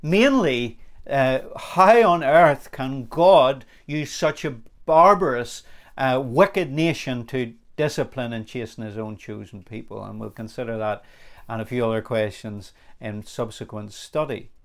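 A man teaching a recorded Bible study sermon, talking earnestly and lifting his voice on the words he stresses. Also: measured pace. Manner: earnest, emphatic, rising in pitch on key words.

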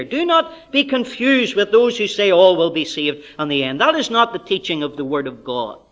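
A man with a Northern Irish accent preaching an expository Bible sermon, swinging between loud, drawn-out proclamations and quiet asides. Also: sits high, highs cut off.

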